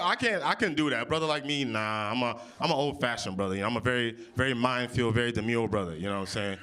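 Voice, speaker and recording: A young man from Oklahoma performing improvised stand-up comedy, loud and brash, cursing and teasing the crowd. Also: mid-range voice, fast talker, hardly any pauses, background noise. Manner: loud, brash, playful crowd work with swearing. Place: winery comedy stage before a live audience.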